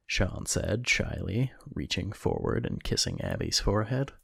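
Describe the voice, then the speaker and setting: Deep gravelly male narrator. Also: normal speed, few pauses, a bit bright. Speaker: audiobook reader. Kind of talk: scripted narration.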